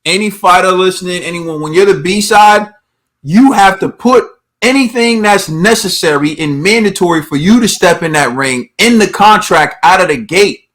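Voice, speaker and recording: A high, fairly bright male voice at normal speed belongs to a boxing podcast co-host caught up in a heated rant. He hammers his opinions home with repeated rhetorical questions.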